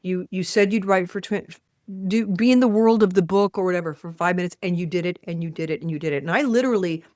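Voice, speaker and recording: A woman's voice: lowish voice, fast, no echo, studio quality. Emphatic, blunt-talking woman author. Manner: emphatic and blunt, swearing freely; animated, acting out voices in quotes. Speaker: author guest. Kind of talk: podcast interview with a guided exercise.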